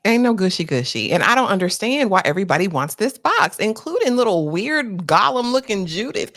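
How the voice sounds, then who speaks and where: A woman's voice: mid-range voice, very animated, brisk, fairly bright tone. A woman guest on a live panel, talking in a blunt, gossipy way. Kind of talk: live recap chat.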